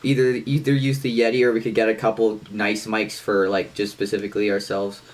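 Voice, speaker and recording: A young man co-hosting a podcast in casual chat, loud, boastful and swearing freely. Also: fairly low pitch, flat delivery, fairly quick. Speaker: podcast co-host.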